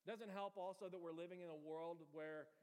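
A man preaching as a pastor, who prays quietly and then tells a story with lively, energetic delivery. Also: sits high, moderate pace, clear, resonant tone, long reverb tail. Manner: prays softly then tells stories animatedly. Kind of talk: sermon with prayer and storytelling.

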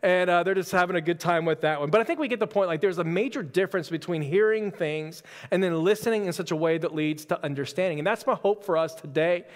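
Male pastor, conversational sermon, somewhat high voice, long hall echo. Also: quick pace, few pauses. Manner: casual, storytelling, self-deprecating humor.

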